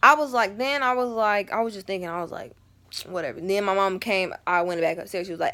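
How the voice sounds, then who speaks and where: A woman's voice: medium pitch, fast, pushed and bright. A teenage girl chatting animatedly at home, telling a storytime vlog with casual slang. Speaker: vlogger.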